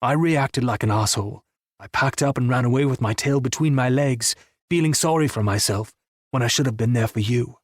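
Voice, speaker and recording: Guy reading a sorry, low-voiced rock star friend in an audiobook, kinda husky, dry sound. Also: a little fast, dry recording, lightly acted. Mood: remorseful. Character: remorseful grown man, grieving rock musician friend.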